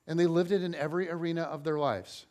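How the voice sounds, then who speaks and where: A man's voice: on the high side, quick pace. A man in his forties preaching as a pastor, telling personal stories in a chatty, self-deprecating way with playful humor. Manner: playful humor, animated storytelling. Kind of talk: conversational sermon with personal stories.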